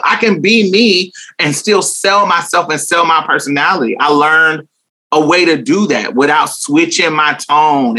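A woman's voice: low voice, bright, forceful tone. A young woman talking candidly in an interview, blunt and emphatic, swearing freely and laughing often. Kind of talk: candid casual conversation.

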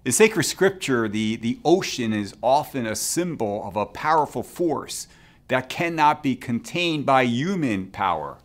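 A man speaking as a bishop, giving a short reflection in a gentle, measured pastoral way with phrase ends that drop softly. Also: medium pitch. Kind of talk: short spoken sermon reflection.

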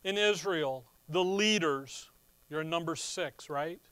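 Man, preacher, folksy animated sermon, smooth clear voice, high pitch. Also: slow, dry recording. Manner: folksy, animated Bible teaching with scripture readings.

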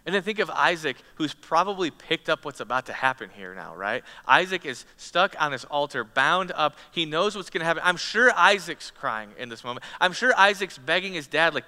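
A man preaching a sermon, retelling a story dramatically, rising to loud passages and dropping to hushed ones. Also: high voice, expressive, normal speed, few pauses, smooth. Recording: long hall reverb.

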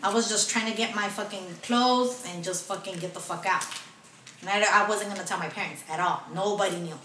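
Bright-voiced woman swearing through a story. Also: mid-range voice, brisk. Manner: swears constantly, acts out both sides of a phone call. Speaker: podcast co-host telling a story. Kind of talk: casual storytelling with profanity. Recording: echoey room, mic at a distance, faint noise.

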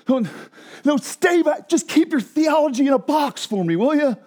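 A man's voice: very high-pitched, expressive, moderate pace, a little mellow, voice pushed up. A man voicing a weary, apathetic male churchgoer who wants to be left alone, in a whiny, defensive caricature.

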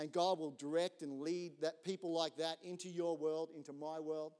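Chatty pastor, slightly high voice. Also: male voice, a little fast, few pauses, clean tone. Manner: relaxed, chatty, jokes with the audience. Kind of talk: conversational sermon storytelling.

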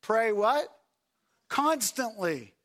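A man preaching a sermon as pastor, swinging between shouted lines and soft, quiet ones, and asking the congregation rhetorical questions. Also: sits high, sing-song, extremely slow.

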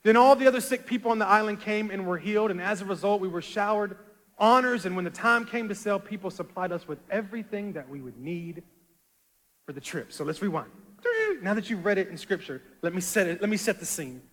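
Man, pastor, sermon, high-pitched, long hall reverb, dramatic swings in volume. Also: fairly quick. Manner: dramatic, swings from soft low asides to loud rising appeals.

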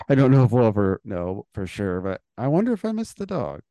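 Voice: mid-range voice, big pitch swings, fairly quick, warm tone, dry recording. A podcast co-host chatting casually, rambling and wondering aloud, often trailing off. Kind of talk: casual comedic chat.

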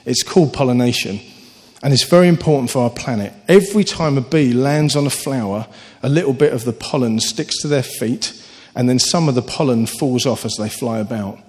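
A man preaching a sermon, earnest and animated, telling stories with sudden lifts in his voice. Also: medium pitch, fairly quick. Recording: long hall reverb.

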